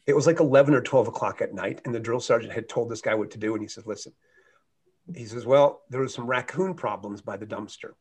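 A middle-aged man from the United States speaks as a motivational guest, his voice husky and mid-pitched. He tells his story earnestly, with lively swings in loudness. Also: fast. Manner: earnest, animated anecdote with shifting loudness.

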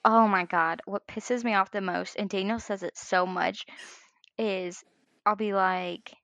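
A woman co-hosting a casual podcast chat, a mother telling animated stories, swearing and laughing a lot. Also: mid-range voice, unhurried, no echo, dull audio. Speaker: podcast co-host.

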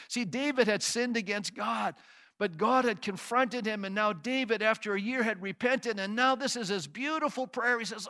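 A man with a high, bright voice preaches a sermon. He reads scripture, then drives his points home with emphatic repetition and rhetorical questions. At times he adds playful sound effects. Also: normal speed. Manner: uses sound effects and asks the congregation questions. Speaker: pastor.

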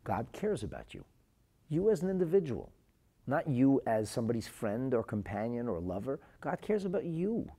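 A man's voice: medium pitch, very animated, a little fast, vocal fry, hardly any pauses, a little mellow, husky, heavily acted. A man voicing a fervent pleading doctor. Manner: fervent, insistent. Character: earnest male hospital doctor urging a patient.

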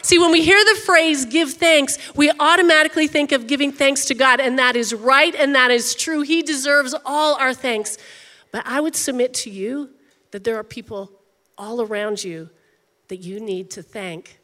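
A woman's voice: high voice, normal speed, sharp tone, big-room sound. A woman pastor preaching a sermon in a conversational, emphatic way, often saying "like".

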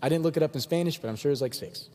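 Animated young male preacher in a hall. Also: fairly high pitch, racing. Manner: animated, acts out quotes in voices. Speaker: pastor. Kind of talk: sermon.

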